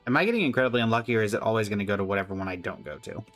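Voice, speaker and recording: A man's voice: lowish voice, lively intonation, rapid-fire, fairly bright tone, faint music behind. A man streaming a game, reading the characters' lines aloud and trying out accents as he goes. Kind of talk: live game commentary with voiced dialogue.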